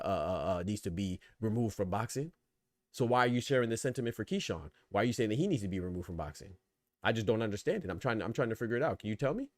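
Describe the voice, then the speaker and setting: A man's voice: mid-range voice, darkish tone, no echo, clean studio sound. A man hosting a boxing podcast, talking casually and with energy, asking rhetorical questions and reading out chat comments. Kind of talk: casual live-stream commentary.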